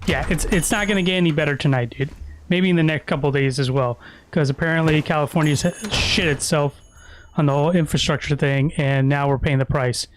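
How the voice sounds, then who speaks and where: A man's voice: fairly high pitch, fairly even intonation, brisk, noisy background. A man giving casual, crude and profane commentary while streaming a video game. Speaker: gaming streamer.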